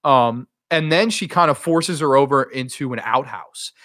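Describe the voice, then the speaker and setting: A man giving a casual, excitable review of a horror film, with profanity and rambling asides. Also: mid-range voice, moderate pace, no room sound, studio quality.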